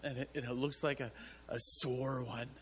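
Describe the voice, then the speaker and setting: A man preaching a sermon to his church, halting and repeating words as he tells a story, often breaking into laughter. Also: mid-range voice, level tone, fairly bright tone, slight background noise. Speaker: pastor.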